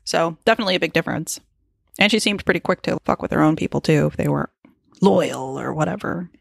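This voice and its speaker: Woman podcast co-host, casual jokey chat, gravelly tone, dry close sound. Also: deep voice, quick pace, no echo. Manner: chatty and joking, lots of likes and swearing. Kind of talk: casual chat recapping a TV episode.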